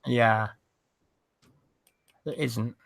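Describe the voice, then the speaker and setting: A man's voice: medium pitch, fairly even intonation, drawn-out words, vocal fry, fairly bright tone. A man hosting a casual hobby show, rambling through jokes and banter. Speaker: host. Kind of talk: casual chat, telling jokes.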